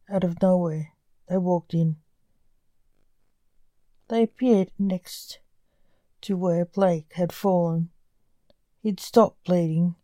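A woman narrating a dark story in a measured, deliberate reading style. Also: fairly low pitch, no echo.

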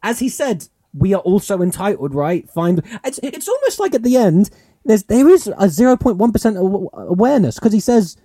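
A man's voice: high voice, big pitch swings, normal speed, dark tone, husky, no echo, clean studio sound. A man co-hosting a podcast in casual chat, rambling and musing with lots of fillers. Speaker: podcast co-host.

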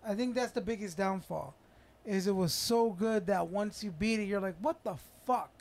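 A man in casual podcast chat, an animated storyteller who swears freely and rambles. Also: sits high, moderate pace, gravelly.

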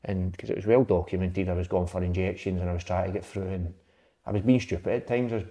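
Mellow-voiced Scottish man telling stories. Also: deep voice, fairly even intonation, fast talker. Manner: rambling anecdotes with mild swearing. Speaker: former footballer, guest. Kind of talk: casual chat about his playing days.

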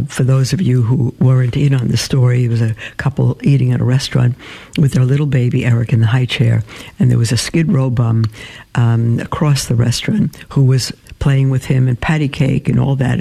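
Male radio host, middle-aged, gentle earnest delivery, dark gravelly tone. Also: medium pitch. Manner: gentle, earnest, with hesitant fillers. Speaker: host of a Catholic call-in radio show. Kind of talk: live radio talk, reading a story aloud.

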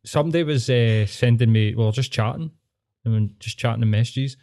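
A man's voice: medium pitch, moderate pace, mellow. A Glaswegian man chatting casually on a podcast, dry and sweary, laughing often. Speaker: podcast co-host. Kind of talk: casual chat.

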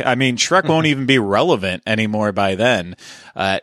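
A man with a fairly low voice hosts a podcast in a relaxed, chatty way, dropping self-deprecating jokes as he goes. The sound is close and dry, with no room around it. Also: brisk, no echo. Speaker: podcast host. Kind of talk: casual podcast chat.

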